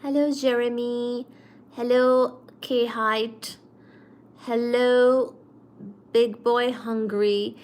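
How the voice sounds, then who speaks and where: A woman's voice: on the high side, fairly even intonation, drawn-out words. A woman hosting a late-night livestream, chatting and greeting viewers by name before explaining cosmology with many fillers. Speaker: livestream host teaching physics.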